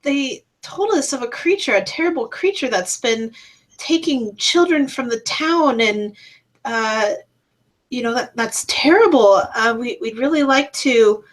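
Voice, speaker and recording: A woman's voice: on the high side, expressive, unhurried. A woman playing a tabletop game, talking hesitantly with many fillers. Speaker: player.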